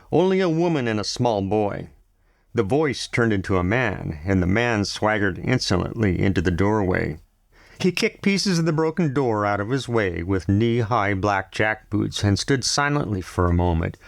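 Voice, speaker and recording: Male novel narrator, gravelly, measured, recorded dry and close. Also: fairly low pitch, dry recording. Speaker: audiobook narrator.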